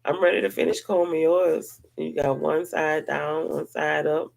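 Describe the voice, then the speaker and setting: A woman with a lowish, gravelly voice chats at home with her online audience. She rambles along conversationally and speaks straight to her viewers. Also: fairly even intonation, a little slow, a little mellow. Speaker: online talk host. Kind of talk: casual chat to viewers. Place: at home, having her hair done.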